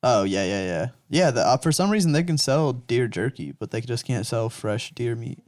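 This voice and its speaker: A man's voice: mid-range voice, expressive, normal speed, a little mellow. A young man co-hosting a podcast, chatting casually with friends, rambling with lots of fillers and swearing. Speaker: podcast co-host. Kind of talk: casual chat among friends.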